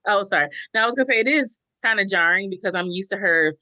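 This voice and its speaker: A woman's voice: medium pitch, quick pace, bright, forceful tone. A woman co-hosting a fan podcast in a chatty way, with laughing asides. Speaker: guest co-host. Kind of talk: casual fan podcast chat.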